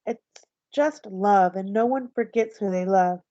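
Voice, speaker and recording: A woman voicing a tired, loving mother who comforts her son very softly, almost in a whisper. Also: medium pitch, measured pace, no room sound, natural voice. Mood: tender, tired. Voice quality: very soft, near whisper. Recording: slightly dull, dry recording.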